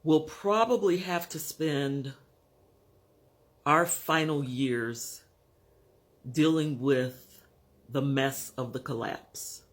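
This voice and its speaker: A man in his fifties or sixties speaking frankly to his camera at home in a personal vlog, measured and pausing to find his words. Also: on the high side. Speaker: vlogger. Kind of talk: candid personal vlog monologue.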